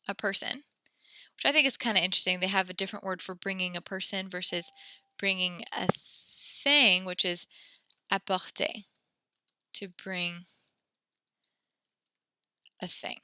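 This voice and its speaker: A woman's voice: mid-range voice, steady tone, measured pace, pauses often, pushed and bright, no room sound. A woman teaching an online French class, praising her students often and walking through verb conjugations step by step.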